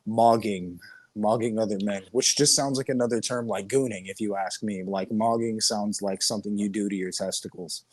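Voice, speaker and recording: A man's voice: fairly low pitch, steady tone, normal speed, darkish tone, dry recording, low-quality recording. A man co-hosting a podcast in casual chat, telling rambling, profane stories. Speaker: podcast co-host.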